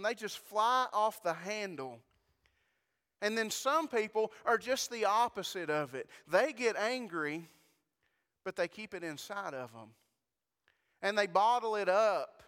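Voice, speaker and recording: A man's voice: high voice, a bit bright, clean tone. A man preaching a sermon, telling a folksy story and talking straight to his congregation. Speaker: pastor. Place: church. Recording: long church reverb.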